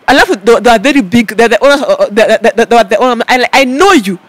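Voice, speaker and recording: A woman with a Kenyan accent, recounting her story to an interviewer in a lively way, with many stammered repeats and mixing in Swahili. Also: fairly high pitch, quick pace, hardly any pauses, no echo. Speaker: interview guest.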